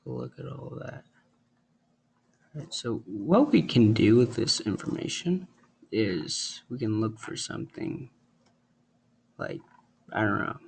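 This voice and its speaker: A man's voice: mid-range voice, expressive, slow, creaky, pauses often, a little hiss or hum. A man casually walking through a screen-recorded tech tutorial, thinking aloud in an offhand way.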